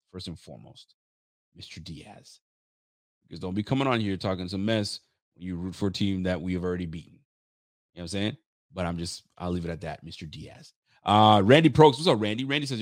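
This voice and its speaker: A man's voice: fairly low pitch, lively intonation, brisk, long pauses, no room sound, clean studio sound. A young man hosting a live fan podcast, venting bluntly and swearing freely as he reads out viewer comments. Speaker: podcast host.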